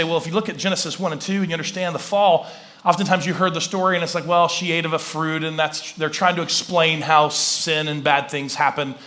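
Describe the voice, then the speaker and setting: A man preaching a conversational sermon as a church pastor, acting out little scenes of dialogue to make his points. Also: high voice. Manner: conversational, animated, acts out dialogue. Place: church sanctuary.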